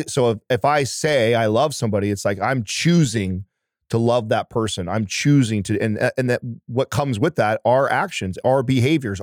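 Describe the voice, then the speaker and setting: A man's voice: fairly low pitch, no echo, studio quality. A man speaking as a podcast guest in casual conversation, earnest and emphatic, swearing now and then.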